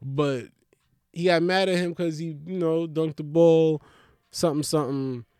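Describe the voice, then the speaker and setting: Slow profane ranting man. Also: on the high side, smooth, no room sound, clean studio sound. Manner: animated, swinging between mocking put-on voices and loud outbursts. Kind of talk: profane stand-up style rant.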